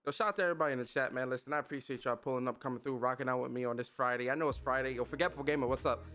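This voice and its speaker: A man's voice: medium pitch, rapid-fire, sharp tone. A man hosting a casual livestream podcast, talking with energy and plenty of slang as he greets his chat. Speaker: podcast host.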